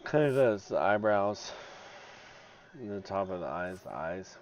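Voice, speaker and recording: A sleepy, yawning man streaming a game, mostly mumbling quietly to himself as he plays, with sudden loud laughing bursts. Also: low voice, animated, unhurried. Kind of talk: casual gameplay commentary. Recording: dull lo-fi stream audio, faint noise.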